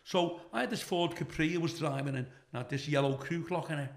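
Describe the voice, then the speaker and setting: A brash older man with a Liverpool accent tells profane stories with lively energy. His voice is gravelly and fairly high, and it rings in an echoey room. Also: fairly quick. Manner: brash, profane, animated anecdote-telling. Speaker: comedian, guest. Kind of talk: storytelling in a casual interview.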